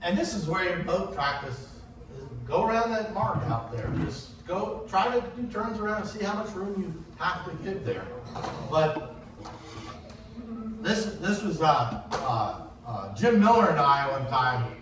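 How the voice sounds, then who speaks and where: A man teaching sailing racing tactics in a casual, anecdotal way, often acting out what other sailors shouted. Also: sits high, expressive, measured pace. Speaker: sailing instructor. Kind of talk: casual classroom talk on racing rules. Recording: echoey room, distant mic, faint hiss.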